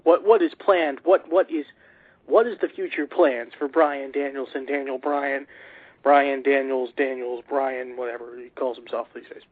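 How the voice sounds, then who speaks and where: Husky-voiced man on a tinny line. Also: medium pitch, dry recording. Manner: rambling, self-correcting, joking asides. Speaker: podcast co-host. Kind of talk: casual chat.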